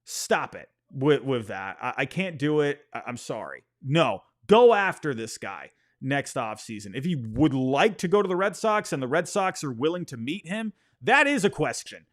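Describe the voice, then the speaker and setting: Animated man ranting about sports. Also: mid-range voice, moderate pace, few pauses. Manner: animated, exasperated, repeats himself, apologizes for ranting. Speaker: sports podcast host. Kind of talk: casual opinion rant.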